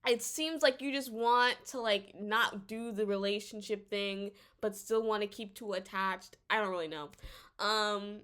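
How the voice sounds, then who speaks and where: This woman vlogger's clean-toned, medium-pitched voice moves at an unhurried pace while she casually comments on a drama series. Still, she sounds animated and exasperated, rambling and often stammering or restarting sentences.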